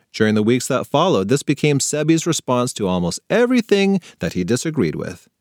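A man narrating a funny children's story with playful, expressive storytelling on a close mic. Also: medium pitch, a little fast, hardly any pauses, no echo. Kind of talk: scripted narration for kids.

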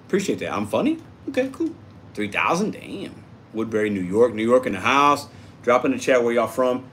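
A man's voice: mid-range voice, expressive, a little fast, a bit bright, a little hiss or hum. A man hosting a casual livestream, reading out and answering viewer comments in an upbeat, chatty way. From Puerto Rico. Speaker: livestream host reading chat.

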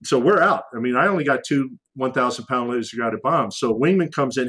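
Animated man telling a war story. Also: medium pitch, brisk, hardly any pauses, breathy edge, low-quality recording. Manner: animated, acts out radio calls in raised voice; frequent fillers and restarts, conversational. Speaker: former fighter pilot guest. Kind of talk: casual storytelling in conversation.

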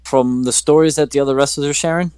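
A man's voice: mid-range voice, steady tone, fast talker, a little mellow. A man co-hosting a casual podcast chat, talking in an easy conversational way and retelling stories. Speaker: podcast co-host.

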